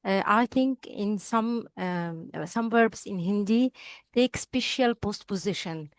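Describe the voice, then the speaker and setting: A woman's voice: mid-range voice, takes it slowly, no room sound. A woman student in an online class eagerly jumping in to explain a point with examples.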